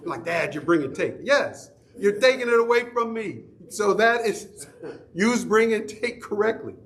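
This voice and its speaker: A man's voice: high-pitched, lively intonation, unhurried, fairly bright tone. A middle-aged man teaching an adult Sunday school class in a church, talking conversationally and asking the class questions. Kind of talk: Bible study teaching.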